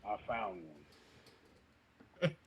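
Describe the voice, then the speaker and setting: A man's voice: on the low side, big pitch swings, very slow, breathy edge. A man running a tabletop game as game master, talking in an easygoing, casual way. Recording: slightly dull lo-fi stream audio with faint noise.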